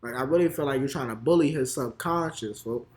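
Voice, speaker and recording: Young chicago guy, reaction host, heated and repetitive, mid-pitched. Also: a little fast. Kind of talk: casual reaction commentary.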